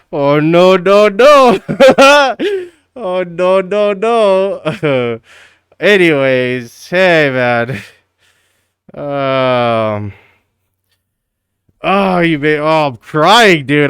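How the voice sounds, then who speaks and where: Laughing, teasing man with a smooth voice. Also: mid-range voice, fairly bright tone, dry recording, studio quality. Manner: teasing, profane, keeps breaking into laughter; slangy, says dude constantly. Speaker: live streamer. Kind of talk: casual live-stream chat.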